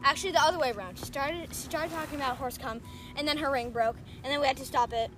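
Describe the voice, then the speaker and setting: A woman's voice: high-pitched, fast, over music. A young woman telling a rambling story in a casual chat, giggling and saying "like" often. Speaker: co-host. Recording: faint background noise.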